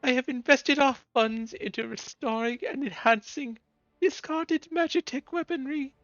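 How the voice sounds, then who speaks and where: A man's voice: extremely high pitch, moderate pace, a bit bright, no echo, muffled recording, pitched above the performer's own voice. A man voicing a pompous, posh male villain who poses as a leader of the poor, with grand speechifying delivery. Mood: grandiose. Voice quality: posh, haughty. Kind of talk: voicing game dialogue while streaming.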